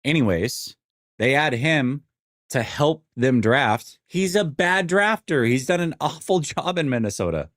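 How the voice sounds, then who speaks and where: A man in his forties hosting a live sports stream, venting his frustration and answering chat in an animated, exasperated way. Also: medium pitch, a little slow, dry recording, clean studio sound. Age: 40s. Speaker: sports show host.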